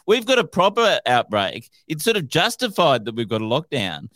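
A man's voice: fairly high pitch, huge pitch swings, normal speed, no room sound. Teasing Australian male podcast co-host. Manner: teasing, bursts into loud mock outrage. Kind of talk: casual chat.

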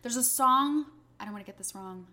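Woman podcast co-host, rambling casual chatter, brassy bright tone, pitched a touch high. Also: fairly quick. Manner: rambling and chatty, laughs often, swears casually. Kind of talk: casual chat.

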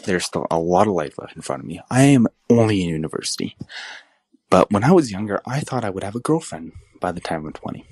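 Man, 20s, caller, very low voice, dry, self-mocking. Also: big pitch swings, quick pace, darkish tone, husky, dry recording. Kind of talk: voicemail message.

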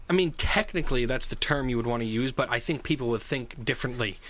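A man's voice: mid-range voice, fast talker. A man co-hosting a casual chat, telling stories with energy and acting out other people's voices. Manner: animated storyteller, acts out shouting voices.

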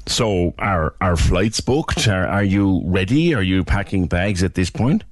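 A middle-aged man with a Cork accent hosting a radio phone-in, chatty and quick to laugh. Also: low-pitched, no echo, studio quality. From Ireland. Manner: chatty, lively, laughs easily. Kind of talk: casual radio interview.

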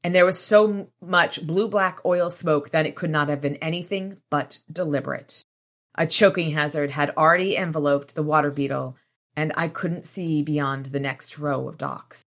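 A woman's voice: sits low, fairly even intonation, moderate pace, fairly bright tone. A woman podcast host reading passages from a novel aloud and retelling scenes in casual, sweary commentary, lightly voicing the characters. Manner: swears freely, switches between reading and retelling; gives characters mild voices.

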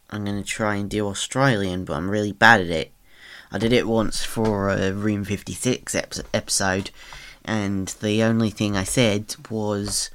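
Slow-paced, giggly voice actor, relaxed between-takes chatter. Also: low voice, clean tone. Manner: giggly, unhurried. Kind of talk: casual chat between takes.

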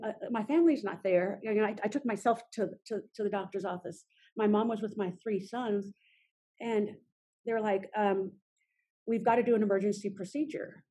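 Woman in her 30s, husky mellow voice, lots of restarts, telling her own story in an interview. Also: medium pitch. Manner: halting, many restarts and fillers.

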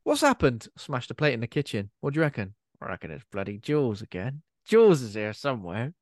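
A man's voice: medium pitch, sing-song, fast, a little mellow, no room sound, studio quality. A man co-hosting a podcast, chatting casually about a film and acting out quoted lines in silly voices. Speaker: podcast co-host.

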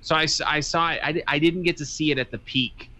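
A man's voice: a little high, fairly even intonation, quick pace, pushed and bright. A man with a Boston accent, co-hosting a podcast in casual, profane, joking banter that sounds slightly angry. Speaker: podcast co-host.

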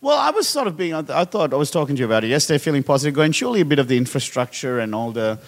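A man's voice: on the high side, big pitch swings, racing, in a large hall. A man co-hosting a live podcast, teasing the others in a joking, casual way with hesitant fillers. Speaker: podcast co-host.

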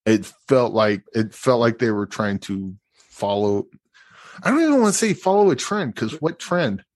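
A man's voice: mid-range voice, big pitch swings, normal speed, no echo. A man co-hosting a film podcast, chatting casually with sarcastic asides and frequent restarts. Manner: rambling, sarcastic, many restarts. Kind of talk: casual movie review chat.

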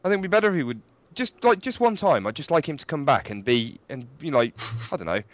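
A man's voice: a little high, sing-song, fast, no echo. A man hosting a podcast in casual chat, joking and chuckling between remarks. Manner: jokey, chuckling, sign-off patter. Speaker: podcast host.

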